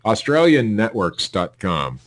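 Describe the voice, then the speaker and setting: Deep-voiced blunt man on a podcast. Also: big pitch swings, a little slow, dry recording. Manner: blunt, profane, reads stories aloud with sarcastic asides. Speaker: podcast host reading news stories. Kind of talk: casual podcast chat.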